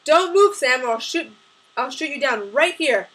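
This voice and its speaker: A woman shouting as a masked male gunman. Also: medium pitch, unhurried, husky. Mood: threatening. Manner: shouted commands.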